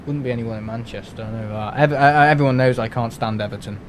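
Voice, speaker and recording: Man from england, casual stream chat, rambling, restarts, faint background rumble. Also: fast. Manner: chatty, rambling, many restarts and fillers.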